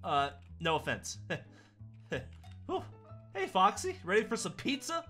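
A performer voicing a nervous, eager animatronic running a pizzeria, stammering and excitable. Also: medium pitch, slow pace, soft background music, heavily acted. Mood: flustered. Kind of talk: Minecraft roleplay acting.

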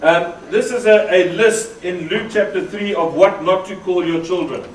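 High-voiced South African preacher. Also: male voice, moderate pace, slight background noise. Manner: lively, joking, draws in the congregation. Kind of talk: sermon. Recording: echoey hall from far off.

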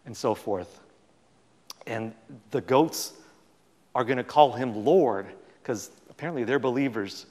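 A man's voice: medium pitch, a little slow, pauses often. A man at a lectern tells stories with energy, acting out the dialogue and scattering "um"s as he goes. His mid-range voice rings with the long reverb of a large hall. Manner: animated storytelling, acts out quoted dialogue. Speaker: guest speaker. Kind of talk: public talk with audience Q&A.

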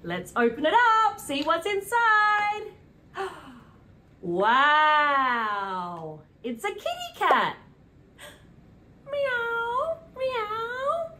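Animated high-voiced woman teaching preschoolers. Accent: British. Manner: slow, sing-song and animated, gasps and cheers. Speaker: children's presenter.

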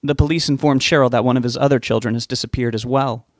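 A frightened, tearful mother pleads down the phone line, as a male narrator raises his voice for her. Her voice rides higher than his usual reading, strained and urgent. The recording is close and dry. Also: steady tone, fast talker, no room sound, close to an everyday voice. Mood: distressed. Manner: distressed, pleading, near tears. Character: worried tearful middle-aged mother on the phone.

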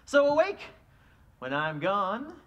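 A woman playing an impish, giggling sprite speaks with a lively, swooping voice that climbs high and drops low. The delivery is slow and theatrical, as on a live Shakespeare stage. She toys with every line like a trickster. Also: lo-fi sound.

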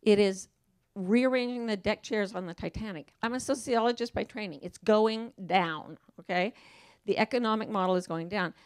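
A woman's voice: medium pitch, moderate pace, clear, resonant tone, dry recording, clean studio sound. A woman author talking as a guest in a casual onstage interview, emphatic and playful, often quoting herself in voices.

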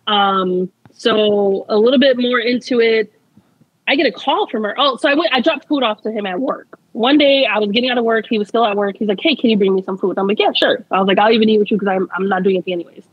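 A woman's voice: medium pitch, fast, slightly rough, no echo, highs cut off. A young adult woman, a guest in a casual interview, telling a story in a chatty way, laughing often and saying "like" a lot.

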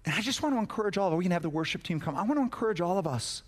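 Impassioned high-voiced male preacher. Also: expressive, racing. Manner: impassioned, repeats words for emphasis, swings from loud to hushed. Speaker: pastor. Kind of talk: sermon.

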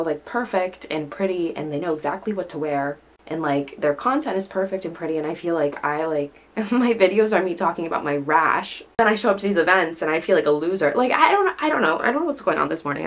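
A young woman vlogging casually to camera, rambling with many fillers, upset and tearful. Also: deep voice. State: crying, upset. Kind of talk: casual vlog talk to camera.

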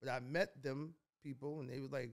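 A man's voice: mid-range voice, steady tone, brisk, creaky. A man in his fifties from New York, a guest telling stories in a casual interview, rambling and repeating words.

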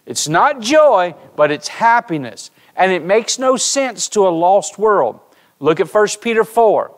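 A pastor stands in a church sanctuary delivering a sermon, his male voice high-pitched and unhurried. He's an animated storyteller, weaving tales and speaking straight to his congregation.

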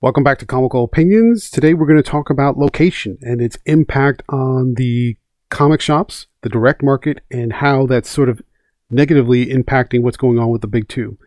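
A man's voice: mid-range voice, fairly quick, darkish tone, no room sound. Emphatic male comics commentary host, dry sound. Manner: opinionated, emphatic, repeats key points. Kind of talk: casual commentary.

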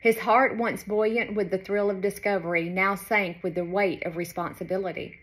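A woman author reading her children's storybook aloud in an expressive, lilting way. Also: mid-range voice, normal speed.

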